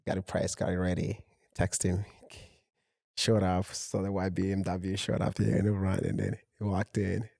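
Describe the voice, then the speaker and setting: A man, a fashion house founder, telling a lively anecdote in a casual interview. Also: sits low, moderate pace, gravelly, no room sound, studio quality. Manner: animated anecdote telling with fillers. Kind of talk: casual storytelling chat.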